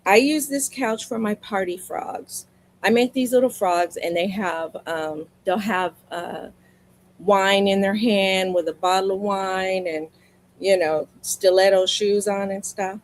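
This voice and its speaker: A woman's voice: medium pitch, unhurried, slight background noise, poor audio. A woman chatting casually on her live sales stream, telling stories to her viewers and repeating lines for emphasis. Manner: talks straight to viewers. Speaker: livestream seller. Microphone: streaming mic.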